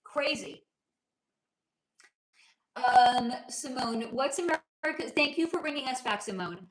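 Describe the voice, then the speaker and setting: A woman's voice: high voice, slow, reverberant, poor audio. A woman from the United States chatting casually on a livestream as a psychic reader, rambling and swearing. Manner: animated, swearing, rambling asides.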